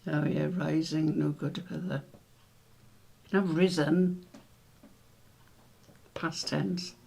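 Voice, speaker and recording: A man's voice: a little high, fairly even intonation, takes it slowly, vocal fry, darkish tone, a little hiss or hum. A man hosting a casual word quiz, musing aloud over the letters and spelling words out. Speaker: quiz host.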